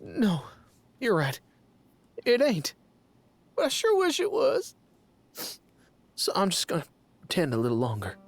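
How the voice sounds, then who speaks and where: A woman's voice: on the low side, wildly swooping pitch, unhurried, gravelly, long pauses, exaggerated voice. A woman voicing a simple, kindhearted young country man in a video game, with a folksy rural drawl. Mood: tender. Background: game music.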